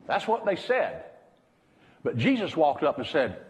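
A man preaching a sermon as pastor, pausing dramatically and dropping to a hush when he quotes someone. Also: on the high side, big pitch swings, in a large hall.

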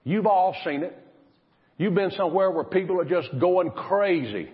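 A man preaching a sermon, swinging between loud, emphatic lines and hushed, drawn-out ones. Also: sits high. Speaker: pastor. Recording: lo-fi recording in a reverberant hall.

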